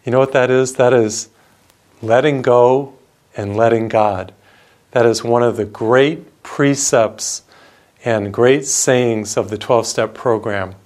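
Middle-aged priest guy preaching, earnest, tells stories, mid-pitched voice. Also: a little mellow. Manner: earnest storytelling preacher, repeats phrases for emphasis. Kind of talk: radio sermon.

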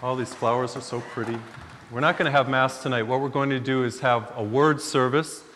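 Joke-telling priest in a reverberant hall. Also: male voice, mid-range voice, fairly even intonation, a little fast, a bit bright, a little hiss or hum. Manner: casual, chatty, joke-telling with fillers. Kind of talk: joking retreat sermon. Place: church or retreat hall.

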